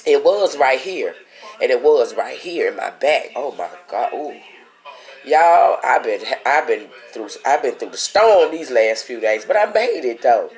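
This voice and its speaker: A woman's voice: rumbling low, lively intonation, unhurried, darkish tone. A woman, sick with a cold and short of breath, chatting and complaining to her viewers in a casual video diary. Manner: complaining, talkative, addresses viewers as y'all. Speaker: vlogger.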